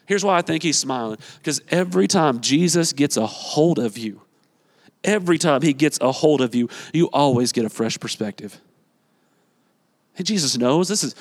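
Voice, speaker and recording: The preacher's voice sits a little high, moving at a moderate pace with frequent pauses. He energetically exhorts the congregation, repeating phrases and dramatizing quotes, and the sanctuary's large hall leaves a long reverb on the recording.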